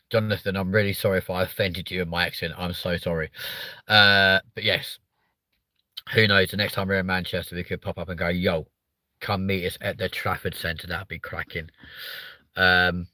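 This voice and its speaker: A man's voice: low voice, bright, forceful tone, dry recording. A young man hosting a live stream, chatting with viewers in a sweary, joking, rambling way. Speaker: live show host.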